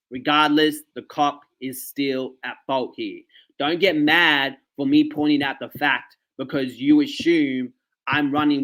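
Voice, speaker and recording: Male vlogger, mid-pitched, casual ranting reaction commentary. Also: fairly bright tone. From Australia. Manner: ranting, talks straight to viewers with frequent "okay" and "like".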